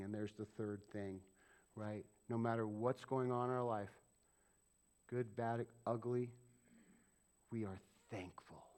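A man preaching a sermon as pastor of a church, asking the congregation questions and acting out quoted voices. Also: medium pitch. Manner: animated, asks the congregation questions and acts out quick quoted voices.

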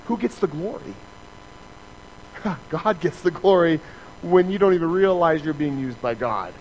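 A man's voice: a little high, lively intonation, unhurried, slight background noise, rough recording. A man preaching a sermon in a conversational way, acting out little scenes with voices and sound effects and often asking "right?". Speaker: pastor.

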